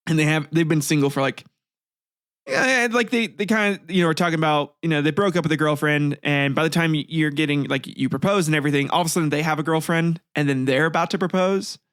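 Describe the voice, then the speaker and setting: A man's voice: on the high side, fast, fairly bright tone, smooth, no echo, clean studio sound. A man hosting a comedic history podcast, reading old text aloud and breaking off into rambling, swearing asides with frequent laughter. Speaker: podcast host.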